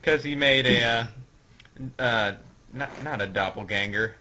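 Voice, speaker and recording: A man guesting on a casual podcast, retelling comic scenes in an unhurried, giggly way. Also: mid-range voice, bright, forceful tone. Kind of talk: casual podcast chat, acting out comic lines. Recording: lo-fi dull audio.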